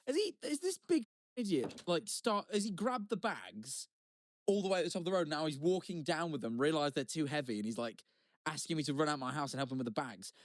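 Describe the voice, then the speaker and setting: This man co-hosts a podcast and tells a story in casual conversation, swearing freely, wandering into asides and restarting his sentences. His voice is fairly high, and the recording is clean studio sound with no room echo.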